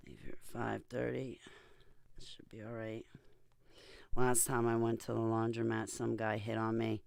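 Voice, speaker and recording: A woman's voice: very deep voice, completely flat delivery, normal speed, vocal fry, a little mellow, no room sound, studio quality. A woman chatting on a video call in a rambling, blunt and emphatic way. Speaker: vlogger. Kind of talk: casual chat on a video call.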